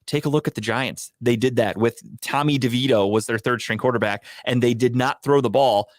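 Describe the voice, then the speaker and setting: A man co-hosting a casual sports podcast, going on heated, profane rants that climb toward shouting. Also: medium pitch, brisk, no echo, studio quality. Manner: heated, profane ranting, rising to near-shouting. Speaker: podcast co-host.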